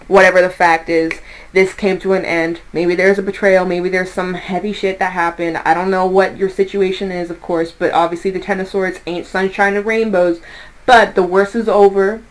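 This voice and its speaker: A tarot reader talks through a relaxed reading in a lowish voice, the audio rough. Her manner is warm and talkative, with occasional laughter and some mild cursing.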